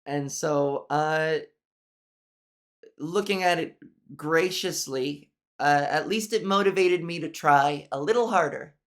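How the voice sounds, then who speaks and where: Nasal, frank-talking woman podcast host. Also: slow pace. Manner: frank, profane, venting with restarts; consciously pitching her voice up and resonance forward. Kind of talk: solo podcast chat. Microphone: camera mic angled up from below.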